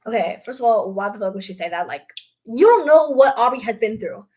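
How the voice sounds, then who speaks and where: Animated young teen girl telling a story. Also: on the high side, brisk. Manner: animated, swears freely, acts out quotes. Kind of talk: casual storytime chat.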